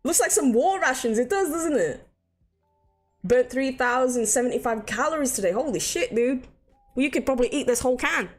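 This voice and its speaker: A woman's voice: high-pitched, animated, brisk, soft background music. A young woman chatting casually to her live-stream viewers, swearing freely and laughing easily. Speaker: game streamer.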